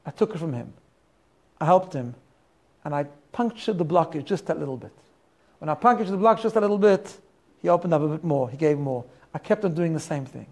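A patient old rabbi, as a preacher puts him on. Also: male voice, fairly high pitch, expressive, a little fast, a little mellow. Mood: calm, explaining. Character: revered old male rabbi, calm and wise.

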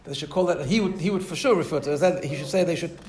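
A man's voice: on the high side, very fast, darkish tone, roomy sound, a little hiss or hum. Conversational man giving a class. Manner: conversational, frequent restarts, keeps asking "right?". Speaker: teacher. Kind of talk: class lecture.

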